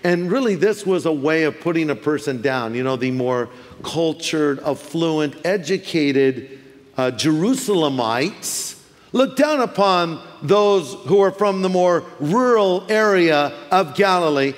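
Man, pastor, Californian accent, sermon, slightly high voice, animated, big hall reverb. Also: unhurried. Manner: animated, acts out quoted voices with humor. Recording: long reverb of a large hall.

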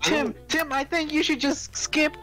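A woman's voice: sits high, measured pace, a bit bright, soft background music. A young woman chatting while gaming with friends, exasperated and groaning at the game. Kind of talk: casual gaming chat.

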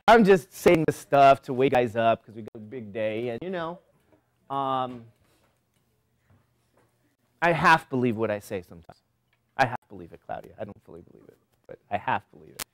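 Lively preachy male college teacher. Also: medium pitch, no echo. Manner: lively, preachy, rhetorical questions to students. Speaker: college statistics instructor. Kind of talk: classroom lecture digression. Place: classroom.

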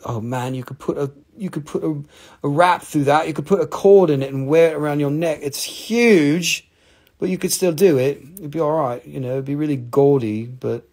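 Gravelly man rambling through a live sale. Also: medium pitch. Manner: rambling, joking, teases viewers by name; drifts into quiet murmurs while handling specimens. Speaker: live-stream rock and mineral seller. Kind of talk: casual live sales chat.

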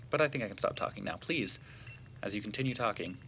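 A man's voice: on the low side, lively intonation, fast talker, a bit bright, a little hiss or hum. A man giving casual let's-play commentary, thinking aloud with fillers and self-corrections. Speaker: gameplay commentator.

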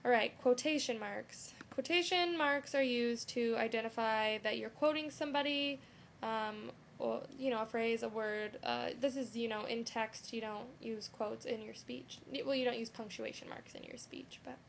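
A young woman walks through a lesson in a loose, conversational way, filling her pauses with "um" and "you know". Her voice sits a little high and has a gravelly edge. A faint hiss stays under the recording. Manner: relaxed, with frequent "um" and "you know". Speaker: teacher. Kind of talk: casual screen-recorded lesson.

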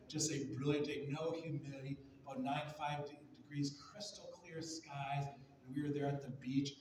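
A male pastor preaching a sermon with passion, swinging from near shouts to soft, hushed tones. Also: fairly high pitch, a little hiss or hum. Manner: impassioned, rising to near shouts, then dropping soft and hushed. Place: large church sanctuary. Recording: echoey room audio from a distant mic.

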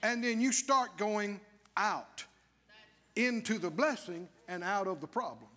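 A pastor preaching a lively sermon, mimicking whiny prayers and laughing along with the congregation. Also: male voice, sits high, measured pace, long reverb tail. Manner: animated preaching, acts out whining prayers, laughs often. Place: church sanctuary.

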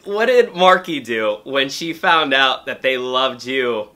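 A man's voice: medium pitch, lively intonation, slow pace, pushed and bright, roomy sound. A male interview host asking a guest questions, restarting them as he goes.

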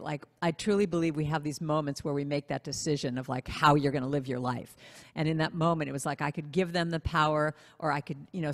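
A woman singer-songwriter telling a self-deprecating story in a casual online interview, in an animated way. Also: deep voice, big-room sound.

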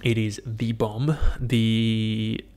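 On a casual solo podcast, a male host rambles and swears heavily, sounding amused throughout. His voice is lowish and darkish, with little pitch movement and an extremely slow pace. He records with headphones and a podcast mic.

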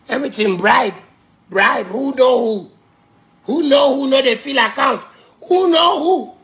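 A man with a Ghanaian accent ranting angrily, shouting and mocking with laughs between jabs. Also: sits high, creaky. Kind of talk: angry ranting monologue.

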